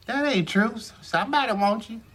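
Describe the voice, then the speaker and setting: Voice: medium pitch, animated, a little fast, fairly bright tone, slightly rough. A performer playing a kindly, motherly older woman in a film scene, comforting someone and calling them honey. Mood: soothing. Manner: soothing, coaxing, calls people honey and baby.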